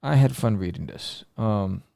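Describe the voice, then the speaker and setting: A man hosting a podcast, rambling excitedly through a comic book review with lots of fillers. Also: fairly low pitch, a little slow, creaky, no room sound, clean studio sound.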